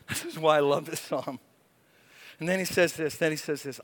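A man preaching a sermon as pastor, playful and animated, breaking into acted-out voices. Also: a little high, fairly quick. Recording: reverberant hall.

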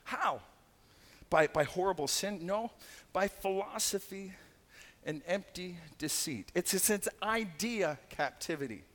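A man's voice: a little high, fairly bright tone. A Canadian man preaching a sermon as a pastor, chatty and joking, acting out the voices of people he quotes. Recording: long hall reverb.

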